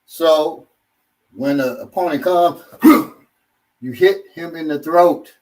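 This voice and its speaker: A man's voice: a little high, takes it slowly, darkish tone, far from the mic. A man teaching self-defense in a casual group talk, demonstrating moves as he speaks. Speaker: martial arts instructor.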